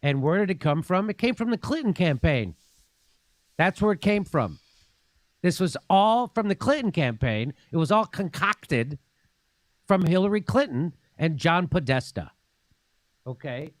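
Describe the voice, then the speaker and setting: A man's voice: a little high, big pitch swings, unhurried, pauses often, no echo. A man hosting a political commentary show, talking in a sarcastic, combative way. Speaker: show host.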